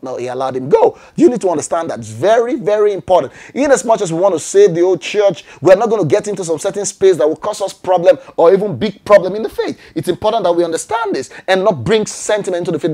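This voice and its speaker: A male pastor delivers a sermon in a high voice, pressing his points with rhetorical questions. His pitch jumps sharply upward on each exclamation. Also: a little mellow.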